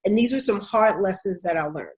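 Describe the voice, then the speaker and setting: A woman's voice: mid-range voice, animated, a little fast. A woman with a Baltimore accent, a career coach speaking candidly and casually to viewers on a live stream. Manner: candid, chatty, addresses viewers as y'all.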